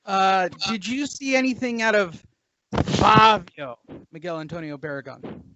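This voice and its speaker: A man's voice: sits high, animated, moderate pace, a bit bright. A man hosting a boxing talk show, sarcastic and mocking as he reviews fights. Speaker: boxing podcast host. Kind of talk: casual sports talk.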